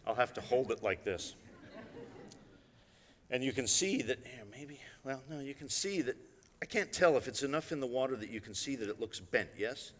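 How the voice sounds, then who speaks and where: Male illusionist on stage, crisp bright voice, wry chatty delivery, long hall reverb. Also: medium pitch, lively intonation, moderate pace. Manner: chatty, wry, addresses the audience directly with frequent asides. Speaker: illusionist giving a talk. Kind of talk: conversational stage presentation.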